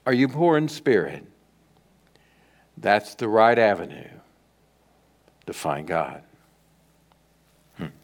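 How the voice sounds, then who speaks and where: A middle-aged man preaching a sermon as pastor, telling stories dramatically and swinging from loud declarations to hushed lines. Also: low-pitched, animated, takes it slowly, long pauses.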